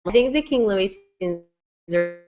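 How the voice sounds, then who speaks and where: A woman's voice: mid-range voice, animated, unhurried, music in the background. Effusive woman on a dull, lo-fi call. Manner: effusive, gushing. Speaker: podcast co-host. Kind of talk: casual chat.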